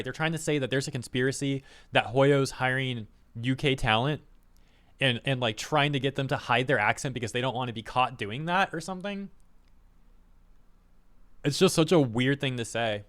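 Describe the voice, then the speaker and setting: Man, streamer, casual reaction commentary, rambling, exasperated, medium-pitched voice. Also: fairly bright tone.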